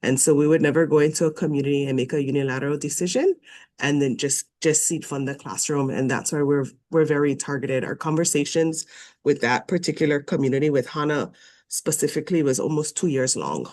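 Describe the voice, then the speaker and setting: A man's voice: fairly high pitch, brisk, a little mellow. A man with a slight cold, speaking as a program official at a public meeting, earnest and explanatory. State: slight cold, frog in throat.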